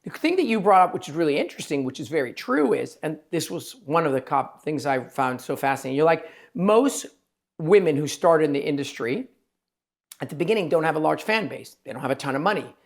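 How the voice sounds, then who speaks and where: A man, a plastic surgeon hosting a podcast, talking in an emphatic, rambling way and quoting his patients in quick asides. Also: a little high, big pitch swings. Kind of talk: casual interview chat.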